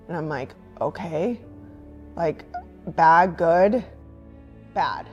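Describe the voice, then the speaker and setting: A woman in a documentary interview, retelling events in a subdued, quiet way. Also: low-pitched, extremely slow, long pauses, faint music behind.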